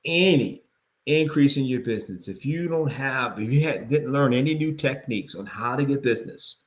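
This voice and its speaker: A man coaching real estate agents in an energetic sales pitch, repeating phrases for emphasis. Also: normal speed.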